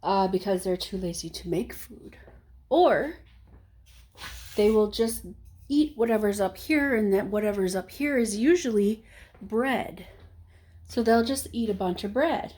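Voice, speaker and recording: A woman's voice: mid-range voice, lively intonation, unhurried, long pauses, warm tone. A young woman rambling casually to the camera while she cooks, a little out of breath. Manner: rambling, chatty, self-talking while cooking. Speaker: vlogger. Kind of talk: casual cooking vlog chat.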